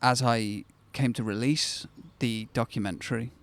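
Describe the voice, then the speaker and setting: A man in his thirties with a mid-range voice speaks a little slowly in a steady tone. Hosting his own channel, he tells a personal story to camera, candid and conversational, growing reflective before bursting with enthusiasm.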